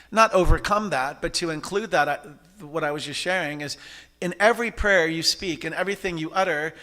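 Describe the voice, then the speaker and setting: A man's voice: a little high, pushed and bright. A man giving an interactive spiritual talk to a congregation, often asking the audience questions. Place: church service hall.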